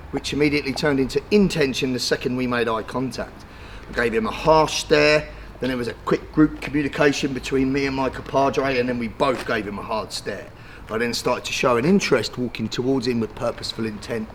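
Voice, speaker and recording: A man's voice: medium pitch, a bit bright, a little hiss or hum. A middle-aged man teaching self-defence, blunt and direct, swearing casually as he explains. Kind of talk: instructional talk.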